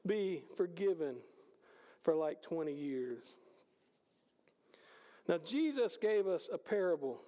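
A man preaching a conversational sermon, swinging between loud passages and hushed ones. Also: high-pitched, clean tone. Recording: hall reverb.

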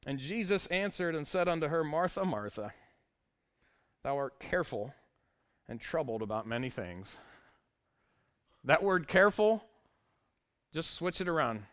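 A man's voice: fairly high pitch, very animated, a little slow, pauses often, a bit bright. A male pastor preaching a sermon, reading scripture aloud with wry, conversational asides to the congregation.

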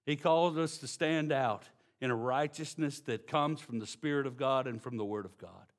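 A man with a Texan accent preaching a sermon, dropping to slow, hushed emphasis and then building into loud, excited storytelling. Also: mid-range voice. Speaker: pastor.

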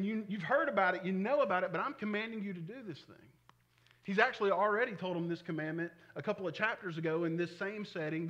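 Male pastor, 40s, high ringing voice, chatty animated preaching. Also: lo-fi sound. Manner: conversational, animated preaching with frequent chuckles. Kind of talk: sermon.

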